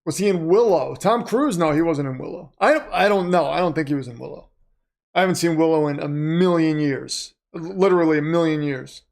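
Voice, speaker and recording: This man talks fairly quickly in a slightly high, creaky voice with a darkish tone. As a livestream host reacting to football, he calls plays live, reads out viewer comments and chats about whatever comes to mind.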